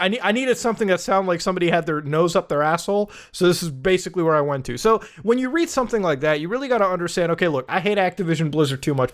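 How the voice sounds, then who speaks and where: A man hosting a casual tech commentary video, talking energetically and often tacking "okay?" onto his sentences. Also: high voice. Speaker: YouTube host.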